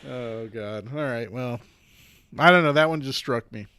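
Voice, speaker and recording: A man's voice: mid-range voice, moderate pace, sharp tone, clear, resonant tone, no echo. A man co-hosting a podcast in casual comedic chat, joking, swearing, and wrapping up the show. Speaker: podcast co-host.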